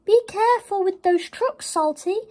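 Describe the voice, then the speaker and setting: A woman voicing a bossy but caring female quarry diesel engine, speaking high and brisk. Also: mellow. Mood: warning.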